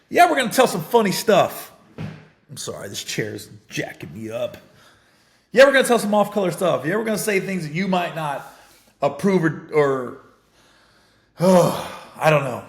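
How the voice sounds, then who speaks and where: A middle-aged man, a comedian hosting his own show, telling stories in a casual, animated monologue with a gravelly voice. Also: medium pitch, normal speed, reverberant. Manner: animated storytelling, rising to shouts when fired up. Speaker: comedian and podcast host.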